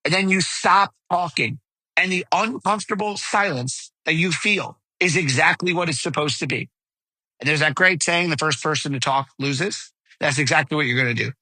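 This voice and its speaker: A man with a very bright, forceful voice coaches salespeople, acting out pitches and customer replies with direct energy. He sits a bit high for a man, recorded dry and close while walking outdoors. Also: normal speed, no room sound, low-quality recording. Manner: role-plays sales dialogue, energetic and direct. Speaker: podcast host. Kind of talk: solo sales coaching talk.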